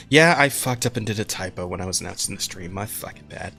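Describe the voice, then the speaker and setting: A man's voice: lowish voice, fairly quick, hardly any pauses, a bit bright, soft background music. A man hosting a casual podcast, reading listener questions, laughing often and swearing freely. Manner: laughs a lot, profane, reads listener questions. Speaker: podcast host.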